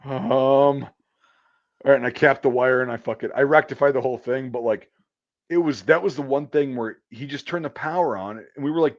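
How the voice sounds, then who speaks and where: A man's voice: mid-range voice, a little fast, highs cut off. A man who works as an electrician, telling a rambling work story in casual chat, swearing often and stumbling over fillers. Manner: profane, rambling, full of fillers.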